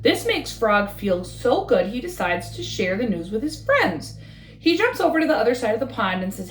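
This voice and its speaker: Expressive woman reading a bedtime story. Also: a little high, normal speed, roomy sound, soft background music. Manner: expressive, rhythmic.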